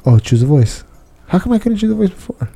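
A man's voice: sits high, sing-song, fast talker, creaky, warm tone, husky. A man hosting a casual podcast, playful and curious, laughing as he tests an AI assistant. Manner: playful, testing, laughs often. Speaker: podcast host.

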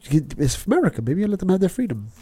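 A man in casual chat, animated and quick to slip into impressions. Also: high-pitched, breathy edge, no echo.

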